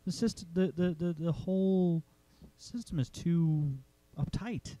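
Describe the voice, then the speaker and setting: A man's voice: high voice, takes it slowly, dark tone, no room sound. A man co-hosting a casual writing podcast, joking and stumbling over repeated words. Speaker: podcast co-host. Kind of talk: casual chat about writing.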